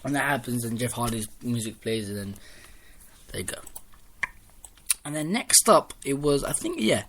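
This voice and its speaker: A man giving a casual spoken review of a wrestling show, rambling and excitable, restarting sentences as he retells the matches. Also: medium pitch, normal speed, slight background noise. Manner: rambling, excitable recap with restarts and quoted lines.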